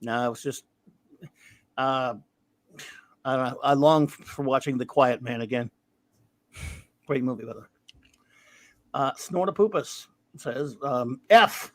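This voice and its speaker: A man's voice: medium pitch, unhurried, long pauses, no room sound. A man hosting a casual podcast, reading out listener grades with a wry, rambling manner. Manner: rambling, wry, trails off into mumbles. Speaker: podcast host.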